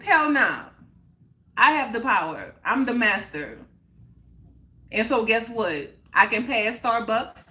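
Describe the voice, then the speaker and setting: A woman's voice: on the high side, sharp tone. A woman hosting a live stream in casual chat, answering viewers and repeating her points for emphasis. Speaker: livestream host.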